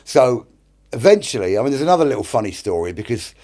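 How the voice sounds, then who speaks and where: This warm, mid-range British voice belongs to a middle-aged actor-director guesting on a podcast, where he talks fast with big pitch swings. Speaking British English in the studio, he tells casual stories, swears plenty, and voices the lines of the people he describes.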